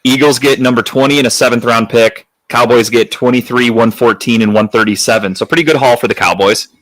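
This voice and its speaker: A man co-hosting a casual sports podcast, talking football picks in an animated, joking way and swearing freely. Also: medium pitch, a little fast, no room sound. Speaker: podcast co-host.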